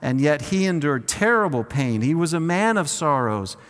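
A man preaching a sermon in an earnest way, slowing down on key phrases and leading the congregation to repeat lines after him. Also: fairly high pitch, big pitch swings, a bit bright, in a large hall. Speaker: pastor.

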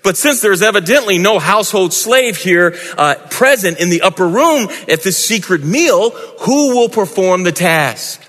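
A male preacher with a bright, fairly high voice who preaches dramatically, stressing words and swooping through a wide range. A long echo from the hall trails behind him. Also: lively intonation, a little slow, few pauses. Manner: dramatic, with wide swings in tone and emphasis. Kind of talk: sermon. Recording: echoey hall.

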